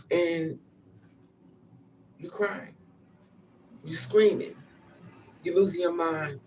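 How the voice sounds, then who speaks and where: A woman's voice: low-pitched, fairly even intonation, slow, pauses often, a little mellow, recorded from a distance, slight background noise. A grieving mother giving an impassioned, repetitive spoken monologue. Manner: impassioned, repetitive, acts out pleading quotes.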